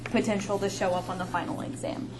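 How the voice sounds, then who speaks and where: A woman math instructor lecturing a class, explaining steps briskly and thinking aloud. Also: mid-range voice, fairly even intonation, background noise.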